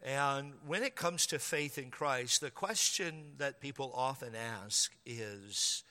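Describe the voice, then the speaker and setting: A man preaching a sermon as pastor, telling stories and slowing down to stress key words. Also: on the high side, expressive, pushed and bright. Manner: storytelling, slows down for emphasis, plays out quoted voices. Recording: long church hall reverb.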